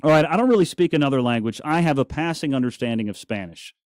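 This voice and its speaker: A man's voice: a little high, expressive, fast talker, darkish tone, no room sound, studio quality. A man hosting a talk radio show, chatty and opinionated with joking asides. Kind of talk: casual talk radio monologue. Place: radio studio.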